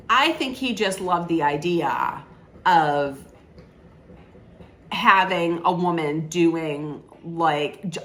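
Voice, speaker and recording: A woman's voice: mid-range voice, fairly bright tone. A woman giving a casual spoken film review, rambling with many restarts and acting out quoted lines.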